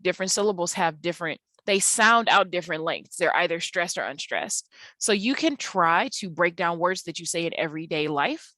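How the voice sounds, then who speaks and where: A woman's voice: on the low side, fairly bright tone, no echo. A woman teacher talking through lecture slides, explaining patiently with frequent ums and uhs. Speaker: English teacher.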